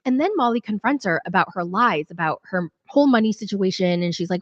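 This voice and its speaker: A woman's voice: mid-range voice, animated, fairly quick, hardly any pauses, no echo, highs cut off. A woman hosting a casual, opinionated recap of a reality show. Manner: chatty, opinionated, acts out quoted lines. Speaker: host.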